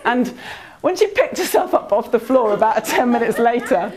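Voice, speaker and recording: A woman's voice: on the high side, expressive, normal speed, darkish tone, slightly rough. A woman giving a motivational presentation at a conference. She talks in a conversational way and puts questions to the audience. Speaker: conference speaker. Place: conference venue.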